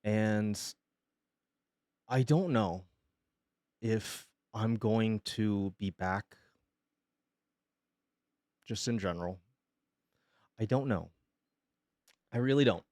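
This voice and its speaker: Sick streamer guy talking slow and halting, choking back tears, dry close mic. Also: lowish voice, darkish tone, dry recording. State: sick with pneumonia. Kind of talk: emotional live-stream announcement.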